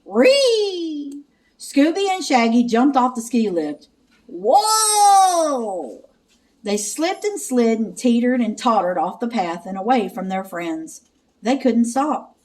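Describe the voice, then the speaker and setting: Expressive woman teacher reading a storybook. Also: a little high, unhurried. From Texas. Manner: expressive read-aloud narration with sound effects. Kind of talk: reading a picture book aloud.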